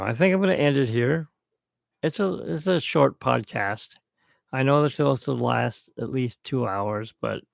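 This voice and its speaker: A middle-aged man talks slowly through a rambling podcast toast, reminiscing as he goes. His voice is deeply gravelly with heavy fry. The sound is dry and close, with no room echo. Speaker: podcast host. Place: at home, alone.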